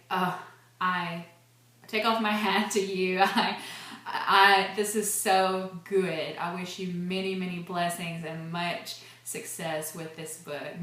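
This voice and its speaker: Earnest, low-pitched woman book reviewer, halting and heartfelt, recorded in a very echoey room. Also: a bit bright. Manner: earnest, gushing, many fillers and restarts.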